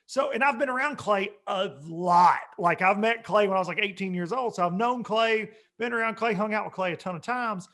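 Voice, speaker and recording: Podcast co-host, man, high voice, laughing casual storyteller. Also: a little fast, few pauses, fairly bright tone.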